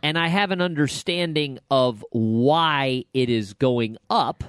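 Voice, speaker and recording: A man's voice: medium pitch, slow, a bit bright, clean tone, dry recording. A man hosting a podcast, talking in a casual, rambling, joking way. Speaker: podcast host.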